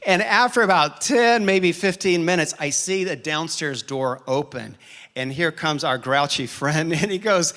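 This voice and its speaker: Male pastor, fairly high and bright voice, lively storyteller in a sermon. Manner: animated storyteller, quick shifts in pace and loudness.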